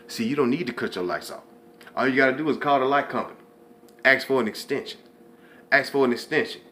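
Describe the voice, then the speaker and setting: A man hosting his own show, giving a conversational, preachy faith and motivation talk, dropping to a low hush when voicing inner thoughts. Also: slight background noise. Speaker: host.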